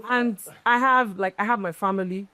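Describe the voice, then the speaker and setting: A woman talks animatedly as an interview guest. Her voice sits mid-pitch and her delivery is emphatic. The recording is dry and close. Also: normal speed, pushed and bright, no room sound. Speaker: event planner guest. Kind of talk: casual interview chat.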